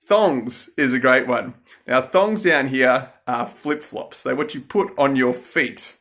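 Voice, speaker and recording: Australian man, tour guide, jokey explainer to camera, mid pitch. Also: takes it slowly, fairly bright tone.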